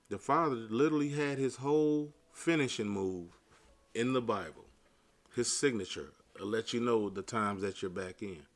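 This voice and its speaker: A man giving an informal sermon to his viewers, mixing casual slang with scripture readings and swinging from quiet murmurs to loud bursts. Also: lowish voice. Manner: casual street talk mixed with scripture reading. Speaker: online preacher.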